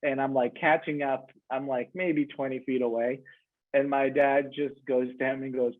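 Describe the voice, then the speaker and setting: A man telling frank, darkly comic personal stories in a halting way, with many fillers. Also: mid-range voice, fairly even intonation. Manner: halting, lots of fillers, switches from frank to joking. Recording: tinny phone-line radio audio.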